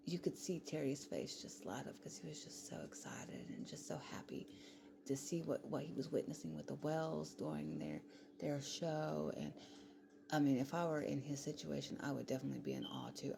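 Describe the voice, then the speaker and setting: A woman rambles casually in a late-night vlog, frequently dropping to a whisper. Her low, gravelly voice is very animated and moves at normal speed, with clear background noise in the recording.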